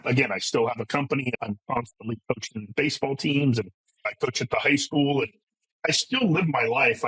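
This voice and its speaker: A man's voice: medium pitch, fairly bright tone, breathy edge, low-quality recording. A man, a podcast guest, telling an emotional story about his family in a candid, conversational way, often quoting the people in it. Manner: emotional, candid, quotes his son in dialogue.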